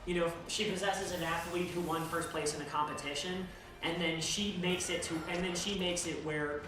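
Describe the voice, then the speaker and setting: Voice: mid-range voice, fairly even intonation, moderate pace, over music. A streamer chatting casually while playing a game, rambling with restarts and laughter. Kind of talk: casual chat while gaming. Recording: very echoey, distant, background noise.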